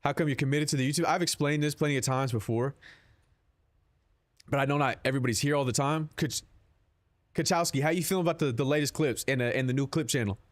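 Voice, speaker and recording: A man's voice: medium pitch, quick pace. A man streaming a game, chatting casually with his chat in a rambling, profane, laid-back way.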